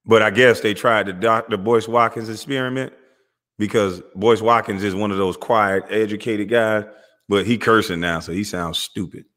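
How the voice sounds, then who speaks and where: A man's voice: fairly low pitch, fairly bright tone. Man ranting confrontationally at critics. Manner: confrontational, mocking, calls listeners out directly; street slang, repeats himself. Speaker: channel host. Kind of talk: heated ranting monologue.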